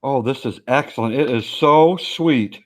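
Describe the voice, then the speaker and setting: A man's voice: medium pitch, unhurried. A man co-hosting a casual live stream, plain-spoken and enthusiastic, often tagging "okay?" onto what he says. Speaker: co-host.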